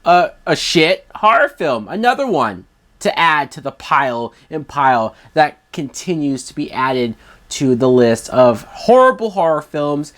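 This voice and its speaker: A man tears into a film in a heated rant. His pitch swings up and down with real animation as he hammers home each complaint. He is scornful and emphatic and swears freely. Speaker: film reviewer. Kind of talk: ranting film review.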